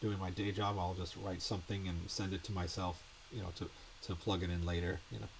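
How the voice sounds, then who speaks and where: A man hosting a casual interview, speaking in a halting, hesitant way and relaying audience comments. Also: sits low, little pitch movement, gravelly, background noise. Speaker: interview host.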